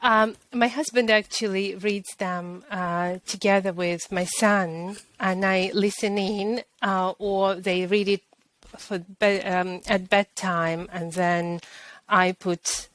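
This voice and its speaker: A woman hosts an interview at an unhurried pace, with an enthusiastic, giggly manner. Her speech is full of ums and little laughs, and it comes through a video call mic. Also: medium pitch, steady tone, a bit bright. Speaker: interview host, parent. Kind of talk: friendly conversational interview.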